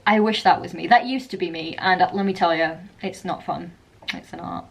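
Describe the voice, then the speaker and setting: A woman vlogger chatting casually about an album, talking in quick bursts with restarts. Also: on the low side, gravelly, breathy edge. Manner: chatty, restarts and laughs often. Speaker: music vlogger.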